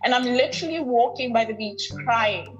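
A woman's voice: a little high, normal speed, highs cut off, faint music behind. A woman from the North West, a podcast guest telling a personal story in a heartfelt, emphatic way and repeating words for weight. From North West, South Africa.

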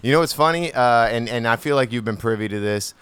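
A man's voice: medium pitch, fast, fairly bright tone, clear, resonant tone. An American man co-hosting a podcast in loose, joking casual chat, swearing freely. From United States. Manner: loose, joking, swearing, half-rapping at times. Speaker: podcast co-host.

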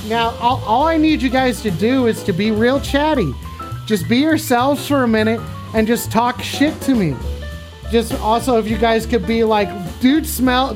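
A man livestreaming, bantering crudely and teasingly with his chat in a casual way. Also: extremely high pitch.

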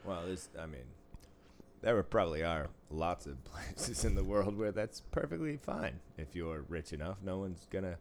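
Deep-voiced man, laughing and swearing. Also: expressive, moderate pace, slight background noise. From Boston area, US. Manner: profane, rambling, laughs a lot. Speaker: podcast co-host, casino dealer. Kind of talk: casual chat.

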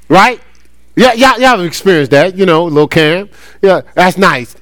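A middle-aged man preaching a sermon, lively and conversational, often acting out playful voices. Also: sits high, a little slow, no echo. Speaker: pastor.

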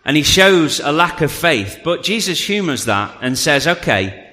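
Preacher with a bright voice in a reverberant hall. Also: male voice, on the high side, a little slow. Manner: animated and loud in storytelling, dropping to a quiet, earnest hush for the appeal. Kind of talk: sermon. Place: church hall. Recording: long reverb of a large hall.

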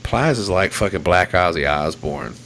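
Profane, ranting man with a low voice. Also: expressive, normal speed, a bit bright. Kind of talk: casual podcast banter.

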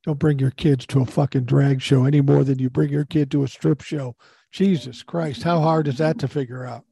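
Gravelly, sardonic man. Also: medium pitch, fairly even intonation, moderate pace, dark tone, no echo. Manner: sardonic, crude joking. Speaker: podcast guest. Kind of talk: casual chat.

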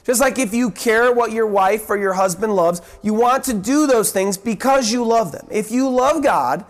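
A man preaching a sermon and teaching from the Bible, earnest, stumbling and repeating words as he acts out the voices in the story. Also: moderate pace. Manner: earnest, acts out quoted voices with sharp pitch drops and rises; repeats words, restarts phrases.

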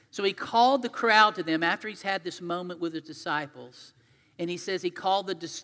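A man preaches a sermon in a high, bright, forceful voice. He talks earnestly and conversationally, retelling scripture in his own words, and his voice rings with a long echo through a church hall. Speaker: pastor.

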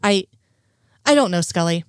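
A woman's voice: on the low side, lively intonation, clean tone, no echo, natural voice. Hesitant male agent who sighs and stalls, dry close sound, as a woman reads him out. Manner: halting, sighing, hesitant. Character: sheepish, hesitant adult male FBI agent.

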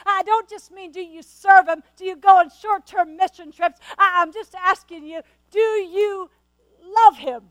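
A woman's voice: very high voice, a little slow, a bit bright, dry recording, low-quality recording. A woman preacher delivering a sermon, earnest and questioning, often stammering as she restarts her words.

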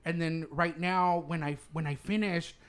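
A man hosting a podcast, telling a personal story in a campy, animated way and laughing often as he talks. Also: on the high side, normal speed, clear, resonant tone. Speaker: podcast host. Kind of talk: casual storytelling chat.

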